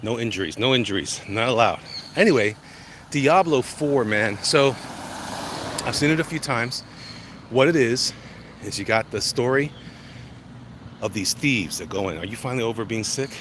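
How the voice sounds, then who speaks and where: Strolling outdoors through the city, a man delivers an easygoing walk-and-talk in a mid-range, animated voice that's a little slow and full of pauses. He wanders between topics chattily, sounding chest-congested and walking on sore legs amid loud traffic and passing cars.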